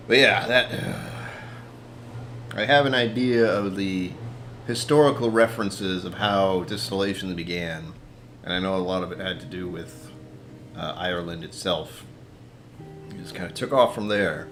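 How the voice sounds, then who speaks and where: A man's voice: on the low side, steady tone, measured pace, pauses often, a bit bright, slight background noise. A man hosting a casual whiskey-tasting livestream from his apartment, rambling, talking to himself and chuckling often.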